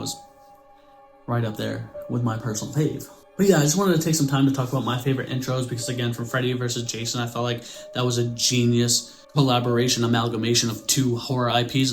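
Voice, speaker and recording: A man in his twenties hosting a horror channel, casually reviewing a film, excitable and swearing freely with lots of "like". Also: medium pitch. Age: 20s. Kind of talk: casual movie review vlog.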